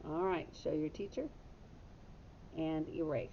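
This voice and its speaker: A woman teacher walks young children through a phonics lesson, slow and patient, fixing her own slips as she goes. Her voice is low, mellow and gravelly. The audio is dull and lo-fi, with a faint rumble behind her.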